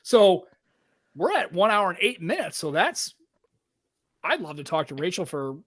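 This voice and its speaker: A man's voice: sits high, big pitch swings, normal speed, fairly bright tone, no echo, studio quality. A middle-aged man hosting a podcast in casual chat, a rambling storyteller who acts out what other people said. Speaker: podcast host.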